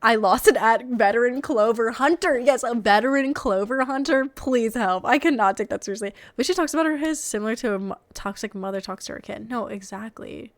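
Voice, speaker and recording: A woman's voice: a little high, fairly quick, few pauses. A young woman reads online posts aloud on her stream and talks over them in a casual, chatty way. She sounds incredulous at what she reads, laughs often and swears without a second thought. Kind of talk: casual reaction commentary.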